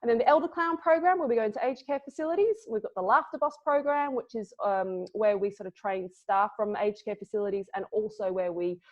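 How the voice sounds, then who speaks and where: A woman's voice: mid-range voice, a little fast, hardly any pauses. A woman from Scotland giving a playful, casual online talk as a clown presenter, full of dad jokes. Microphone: video call. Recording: lo-fi video call audio.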